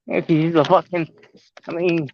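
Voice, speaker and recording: Blunt, high-voiced man on a podcast. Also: flat delivery, normal speed. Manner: blunt, profane, insistent. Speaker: podcast co-host. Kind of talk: casual chat. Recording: muffled lo-fi audio with faint hiss.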